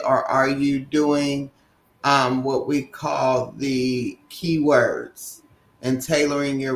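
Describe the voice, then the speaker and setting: A man co-hosting a casual livestream, chatting in a relaxed way and giving job-search advice. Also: a little high, echoey room. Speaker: livestream co-host.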